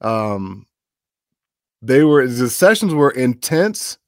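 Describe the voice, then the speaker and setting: A man's voice: medium pitch, slow, dry recording, studio quality. A middle-aged man, a voice actor, telling stories in a casual interview and acting out the voices of the people he quotes. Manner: animated storyteller, acts out quoted voices. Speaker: voice actor guest.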